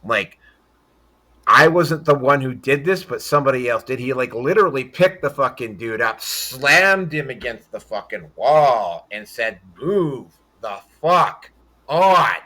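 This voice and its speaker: A man's voice: mid-range voice, lively intonation, measured pace, bright, forceful tone. A man hosting a casual podcast hangout, talking bluntly with frequent swearing and rambling restarts. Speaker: podcast host. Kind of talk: casual livestream chat.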